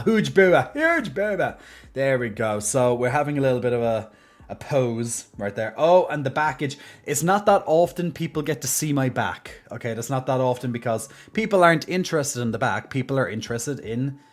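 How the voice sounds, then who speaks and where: A man with a mild Irish accent chats casually as a live streamer, playful and jokey and laughing often. His voice is mid-range and he speaks at a normal speed.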